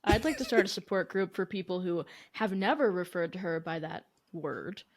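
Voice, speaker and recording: A woman's voice: lowish voice, lively intonation, moderate pace. A young woman co-hosting a casual podcast chat, ranting in exasperated disbelief. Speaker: podcast co-host.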